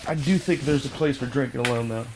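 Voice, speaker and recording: A young man rambling casually on his own vlog, thinking out loud and swearing freely as he talks outdoors into a phone. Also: mid-range voice, fast talker, noisy background. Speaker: podcast host, delivery driver. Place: outdoors at home.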